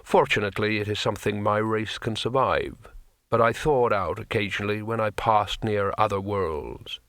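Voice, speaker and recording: A man reading an audiobook puts on a huge, gentle troll who speaks slowly and sorrowfully, weighing each word. The voice sits low and dry, with a bright, forceful edge. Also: no echo. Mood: reflective. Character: huge gentle melancholy male troll sailor. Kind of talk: audiobook character voice.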